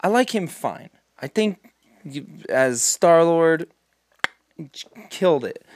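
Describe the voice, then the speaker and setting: A man's voice: a little high, lively intonation, takes it slowly, darkish tone, dry recording. Sarcastic ranting man, dry sound. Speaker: podcast co-host. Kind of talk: casual chat.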